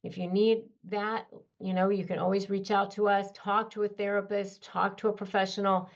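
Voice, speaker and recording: A woman's voice: mid-range voice, flat delivery, moderate pace. A woman host giving earnest, direct advice to her viewers. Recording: dull lo-fi sound.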